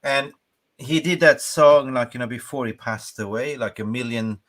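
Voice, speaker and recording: Bright-voiced man in casual podcast chat. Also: medium pitch, normal speed. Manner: animated, breaks into snatches of song. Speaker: podcast co-host.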